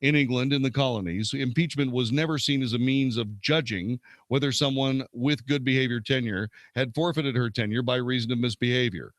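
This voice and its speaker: A man hosting a show reads and comments on legal texts, keeping steady while sometimes stumbling and correcting himself. His mid-range voice moves a little fast with few pauses, in a dry recording.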